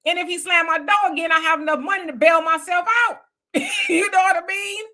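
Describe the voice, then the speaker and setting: A middle-aged woman from Houston with a Southern US accent hosts casual political commentary, telling stories in a heated, colloquial, animated way. Her voice is very high and a little fast.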